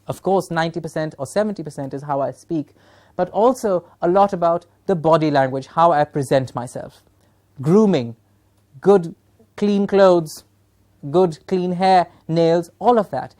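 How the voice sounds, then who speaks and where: A woman's voice: on the low side, a little mellow. A woman from Punjab, giving a training workshop lecture to teachers, emphatic and full of rhetorical questions. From Punjab, India. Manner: emphatic, asks rhetorical questions and checks in with "Yes?".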